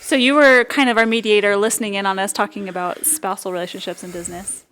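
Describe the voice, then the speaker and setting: A woman co-hosting a casual podcast chat, talking briskly and steering the conversation along. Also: mid-range voice, steady tone, a bit bright, clear, resonant tone. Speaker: podcast co-host.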